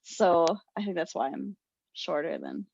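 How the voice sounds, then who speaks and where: A woman's voice: mid-range voice, animated, a little fast, no room sound. A young adult woman co-hosting a podcast, chatting casually and telling stories animatedly, laughing often. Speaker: podcast co-host. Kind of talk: casual chat. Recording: dull lo-fi sound, dry.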